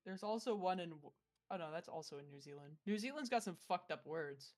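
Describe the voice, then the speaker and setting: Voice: mid-range voice, animated, fairly quick. A game master in an everyday, mid-range voice, chatting casually with the players. The talk is playful and teasing, with laughs breaking in often. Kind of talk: casual chat between players.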